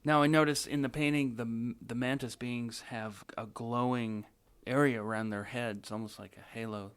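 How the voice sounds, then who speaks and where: A male radio show host interviewing a guest with calm, probing questions. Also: medium pitch, normal speed, smooth.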